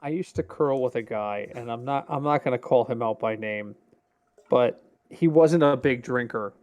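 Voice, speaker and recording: A middle-aged man co-hosting a casual podcast, telling a long story in a chatty, animated way. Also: mid-range voice, normal speed, lo-fi sound. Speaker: podcast co-host. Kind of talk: casual chat.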